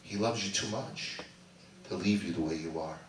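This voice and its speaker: Hombre predicador, iglesia con eco. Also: male voice, deep voice, moderate pace, slight background noise. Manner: animated preaching, swinging from loud to hushed. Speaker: pastor. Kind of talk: sermon. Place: church sanctuary. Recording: echoey church sound from a distant mic.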